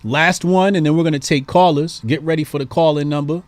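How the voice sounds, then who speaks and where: A man's voice: fairly high pitch, fairly even intonation, a little fast, no echo. A man hosting a call-in show, giving emphatic, preachy political commentary and repeating points for stress.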